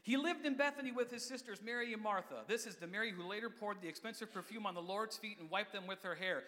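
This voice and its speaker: A man preaching as a youth pastor, his voice high and bright. His delivery is fast, playful and energetic, and long church reverb trails every line. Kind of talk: lively sermon. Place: church sanctuary.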